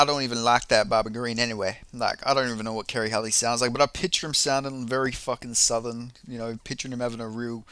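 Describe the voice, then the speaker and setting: A man's voice: mid-range voice, pushed and bright, clean tone, dry recording. A young man in a casual vlog, ranting about fights in a profane, rambling, heated way. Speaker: MMA commentator.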